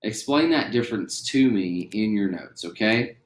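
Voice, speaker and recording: A young man with a West Virginian accent teaching a recorded theatre class in a relaxed, chatty way, with lots of fillers. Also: fairly low pitch, normal speed, reverberant. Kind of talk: recorded online class lesson.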